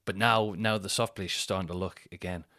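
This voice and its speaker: A man, talking in a fairly low voice as he rambles through a chatty solo podcast story. He keeps going off on tangents and laughing at his own anecdotes. The sound is dry and close. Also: steady tone, fairly quick, sharp tone, no room sound. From Northeast England. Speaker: podcast host.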